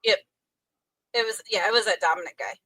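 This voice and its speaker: A woman co-hosting a podcast in casual chat, upbeat and quick to laugh. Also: mid-range voice, expressive, pushed and bright, breathy edge, no room sound. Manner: chatty, laughs easily, upbeat. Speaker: podcast co-host.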